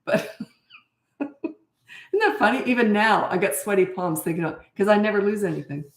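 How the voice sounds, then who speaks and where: A woman's voice: mid-range voice, lively intonation, normal speed, echoey room. An older woman and parenting coach from Canada, chatting casually and bluntly in a live Q&A, laughing often and losing her thread.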